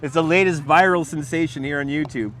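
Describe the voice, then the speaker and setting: A man's voice: fairly high pitch, fairly quick, fairly bright tone, a little hiss or hum. A man hosting a casual livestream outdoors, rambling, laughing and swearing while he answers his chat. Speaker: livestream host. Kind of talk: casual live-stream chat while walking. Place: outdoors on a city waterfront. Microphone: wireless lapel mic.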